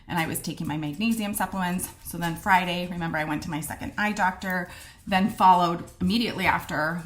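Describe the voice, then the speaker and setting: A middle-aged woman, a midwife, telling her story casually and candidly, acting out the things people said to her. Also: on the low side. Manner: candid and animated, acts out quoted exchanges.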